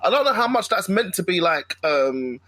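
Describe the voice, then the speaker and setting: A man's voice: sits high, normal speed, no echo. A man co-hosting a podcast in an easygoing chat, full of slang and friendly "mate"s. His voice sounds dry and close, with no room sound around it. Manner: relaxed, slangy, says "mate" a lot. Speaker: podcast co-host. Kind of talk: casual chat.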